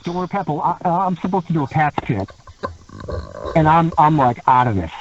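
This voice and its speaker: A man guesting on a podcast, telling a story with animated delivery, acting out what others said and laughing along. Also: a little high, brisk. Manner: animated storyteller who acts out quotes and laughs. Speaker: guest, former wrestler. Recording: dull lo-fi sound with faint noise.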